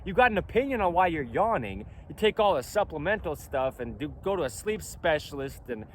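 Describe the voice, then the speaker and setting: A man's voice: fairly high pitch, sing-song, a little fast. A company founder talking outdoors in a casual vlog, speaking emphatically and insistently while repeating his points. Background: faint wind and traffic noise.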